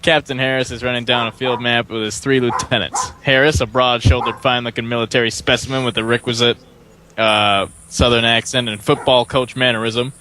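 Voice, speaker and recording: A man's voice: medium pitch, flat delivery, brisk, pushed and bright, slight background noise. A man co-hosting a podcast, reading screen directions aloud in a loose way and laughing as he goes. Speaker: podcast co-host. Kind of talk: casual screenplay read-aloud.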